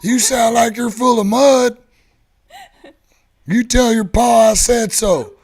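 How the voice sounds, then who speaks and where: A loud, blustering backwoods hillbilly bellows empty threats with a rough drawl, as a man puts him on. He sounds pushy and pleased with himself. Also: very high voice, fairly even intonation, slow pace, voice pushed up, exaggerated voice.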